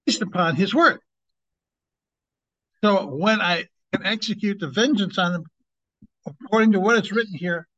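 A man's voice: high voice, fairly bright tone. A man preaching an informal sermon as an evangelist, emphatic and conversational, stretching out key words. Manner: emphatic, conversational, drawn-out slow stresses. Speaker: evangelist, teacher. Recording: dull lo-fi recording.

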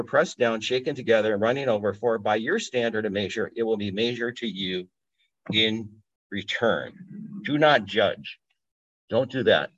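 A man gives a relaxed, conversational Bible teaching, pausing to think aloud and prompting his listeners to consider each point. His voice sits at an ordinary middle pitch. The recording sounds a little dull and lo-fi. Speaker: pastor. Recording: dull lo-fi audio.

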